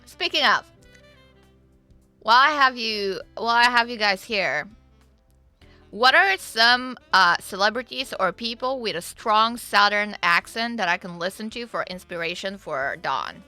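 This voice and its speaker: A woman's voice: mid-range voice, animated, unhurried, pushed and bright, no room sound, soft background music. A woman chatting casually on her livestream, joking and teasing herself as she plays. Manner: chatty, jokey, self-deprecating. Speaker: streamer.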